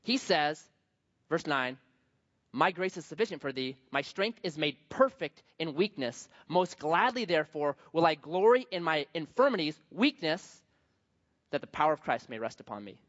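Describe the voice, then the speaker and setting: Animated storytelling male pastor. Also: on the high side, moderate pace, dull audio. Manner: animated storytelling with acted quotes. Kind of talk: sermon.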